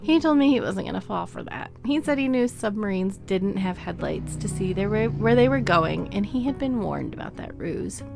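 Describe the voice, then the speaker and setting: A woman's voice: medium pitch, lively intonation, normal speed, creaky, hardly any pauses, music in the background. A woman co-hosting a podcast, reading listener stories aloud in a casual chat and laughing often. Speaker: podcast co-host.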